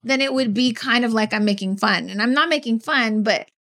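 A woman co-hosting a podcast in casual chat, animated and acting out quotes. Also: a little high, brisk. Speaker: podcast co-host.

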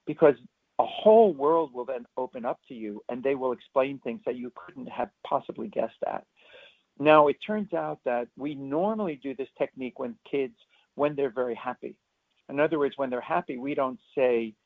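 A man speaking as a pediatrician guest, explaining parenting advice in an earnest way with lively demonstrations, calling in to a radio interview. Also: medium pitch, normal speed. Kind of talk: expert interview answers. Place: remote, not in the studio. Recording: tinny phone line into a radio show.

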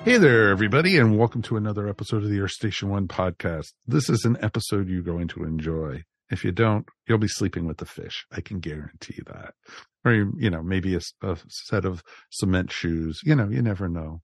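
A man's voice: low voice, animated, a little fast, no room sound. A man from New Jersey hosting a podcast in casual chat, upbeat and jokey with lots of fillers. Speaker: podcast host.

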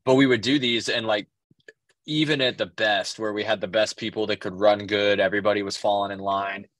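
Low-voiced man, rambling casual storyteller. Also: steady tone, fairly quick, a bit bright, no echo. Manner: rambling storyteller, profane, lots of fillers. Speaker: podcast co-host. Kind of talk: casual chat.

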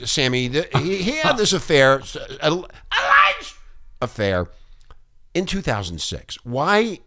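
A man hosting a talk radio show, ranting in a brash, crude, animated way. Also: fairly high pitch, takes it slowly, heavy background noise. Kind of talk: irreverent talk radio banter.

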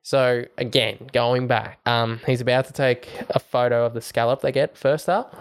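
Smooth-voiced man chatting about a film. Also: medium pitch, steady tone, normal speed. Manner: chatty, retells scenes with quoted lines. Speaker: podcast co-host. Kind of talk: casual film discussion.

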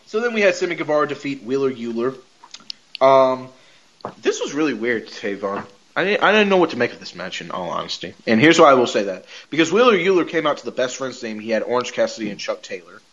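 A man in casual podcast chat, telling wrestling stories with lots of energy and the odd curse word. His voice sits at an ordinary pitch. The recording sounds a little dull and muffled. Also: fast, a little hiss or hum. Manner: animated storyteller, swears and laughs mid-sentence. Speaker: podcast co-host.

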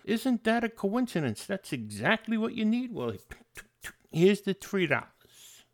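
An overeager fellow who would give away the shirt off his back, as a podcast host puts him on. He speaks in a high, bright voice that bounces all over the place. Everything he says comes out eager and keen to please. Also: sing-song, measured pace. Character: overeager, giving-to-a-fault man.

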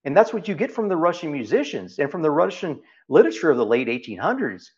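A man's voice: fairly high pitch, sing-song, fast, muffled recording. A middle-aged man with a Texas accent, a guest in an interview, speaking emphatically and repeating phrases for stress. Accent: Texan. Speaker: guest, private equity CEO. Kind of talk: reflective interview talk.

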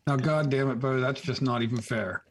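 A man's voice: mid-range voice, fairly quick. A man joining a casual podcast, teasing and joking with his co-hosts. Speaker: podcast co-host.

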